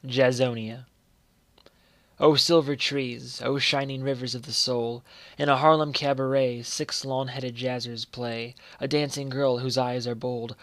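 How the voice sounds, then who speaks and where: Male poetry reader, steady mid-range voice, measured pacing with soft line endings, little melodic movement. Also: mid-range voice, creaky, dry recording. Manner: measured, letting line ends fall quiet. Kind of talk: poetry recitation.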